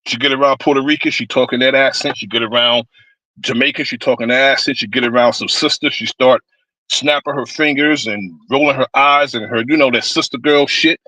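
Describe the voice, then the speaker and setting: A man talks politics on a stream in a blunt, rambling way and swears without pause. His voice is bright and forceful. The sound is dry and close. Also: medium pitch, fairly even intonation, no echo, poor audio. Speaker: stream panelist. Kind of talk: casual political rant.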